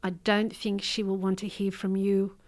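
An Australian woman in middle age tells a deeply personal story in an interview. She sounds earnest and hesitant, and often stops to restart her thoughts. Her voice sits at a middle pitch. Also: level tone, moderate pace, a little mellow. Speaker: interview guest, memoir author.

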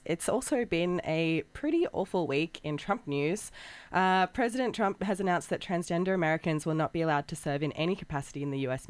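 Deep husky-voiced woman with a cold. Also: no room sound. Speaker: radio co-host. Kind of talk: casual radio chat.

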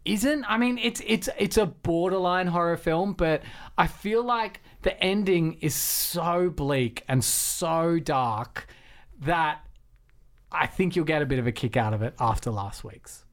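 A man's voice: on the high side, animated, unhurried. A man hosting a casual film podcast, rambling and self-deprecating with many fillers and restarts. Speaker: podcast host.

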